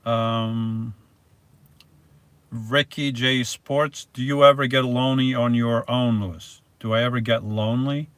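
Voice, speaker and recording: A man's voice: mid-range voice, steady tone, a little slow, a bit bright, clear, resonant tone, no echo. A man hosting a casual live stream, reading viewer messages aloud and answering them in a rambling, hesitant way. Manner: rambling and hesitant, restarts words, reads viewer names aloud.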